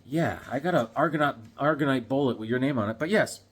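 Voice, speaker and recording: A man voicing a brooding, defiant male vigilante in a low, quiet mutter. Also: fast talker, slightly rough, lightly acted. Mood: sly.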